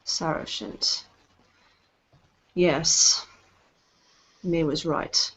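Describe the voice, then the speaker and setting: A woman voicing a cool, imperious elf high matron who speaks in a formal, deliberate way. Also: a bit bright. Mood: probing. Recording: dull lo-fi recording.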